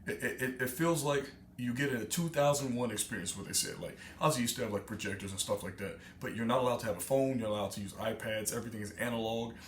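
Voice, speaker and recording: A man's voice: mid-range voice, fast talker, hardly any pauses. A man talks through casual reaction commentary, wandering with frequent fillers and false starts. His voice sits in a middling range. The room echoes noticeably, with a faint background hiss. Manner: rambling, many fillers and restarts. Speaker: reaction streamer.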